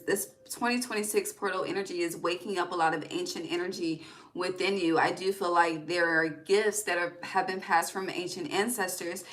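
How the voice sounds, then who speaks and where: A woman's voice: mid-range voice, a bit bright. A young woman giving a casual spiritual card reading, often emotional and close to tears, swearing freely and checking in with "okay". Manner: emotional, swearing, fills with okay and all right. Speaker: tarot reader.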